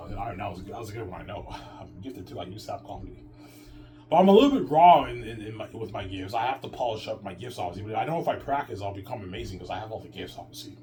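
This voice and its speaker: A man's voice: on the low side, lively intonation, fast. A man delivering a boastful, rambling monologue with stammering restarts. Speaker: vlogger. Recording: distant mic with clear background music.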